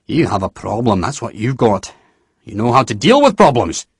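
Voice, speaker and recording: A man voicing a gruff, crude old general who curses freely. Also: mid-range voice, big pitch swings, normal speed, no echo, clean studio sound. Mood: sardonic. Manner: blustering, profane.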